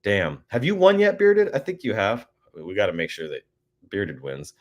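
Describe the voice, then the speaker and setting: Goofy excitable man hosting a giveaway. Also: lowish voice, moderate pace. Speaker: streamer running a giveaway. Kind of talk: casual live-stream chat.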